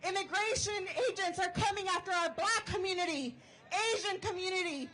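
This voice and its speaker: A woman union organizer giving an impassioned rally speech outdoors, shouting call-and-response chants to the crowd. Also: extremely high pitch, a little fast, rough recording.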